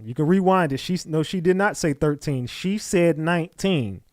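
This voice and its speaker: A man with a slightly raised pitch argues with his live chat, bluntly and profanely, insisting he is right. His voice is dry and close to the microphone, with no room sound. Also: normal speed, a little mellow, no echo. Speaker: streamer reacting to clips. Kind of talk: casual reaction commentary.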